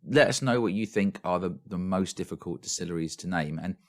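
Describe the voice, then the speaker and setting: Deep-voiced, rambling chatty podcast man. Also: a little fast. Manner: animated, rambling storyteller who laughs often. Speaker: podcast co-host. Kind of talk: casual chat. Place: home in London.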